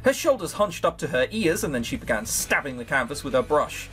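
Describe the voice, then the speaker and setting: A man reads a visual novel aloud in a slightly high voice. His pitch jumps around a lot, and he cuts in with sarcastic, swearing asides. Faint background music plays under his talk. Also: very animated, brisk, fairly bright tone. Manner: sarcastic, swears casually, jokes to himself. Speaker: let's play host. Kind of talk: reading a visual novel aloud with joking commentary.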